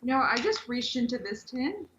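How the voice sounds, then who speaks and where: A woman's voice: on the high side, sing-song, moderate pace, fairly bright tone. A woman joining as a guest cook over a remote call, easygoing and friendly. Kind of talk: casual chat over a call. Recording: dull remote audio with faint noise.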